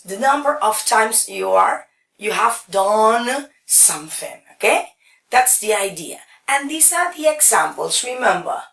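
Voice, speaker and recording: Speaking at a fairly high pitch with vocal fry and a slightly bright quality, a woman explains English grammar slowly and step by step. She checks in with "okay" often. The sound is echoey and roomy, picked up from far off the mic.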